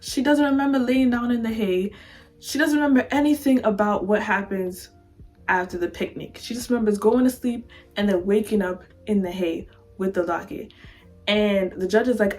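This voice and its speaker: A woman vlogger giving a casual, dramatic storytime recap of a novel, acting out the characters as she goes. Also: mid-range voice. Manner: animated, dramatic, acts out characters.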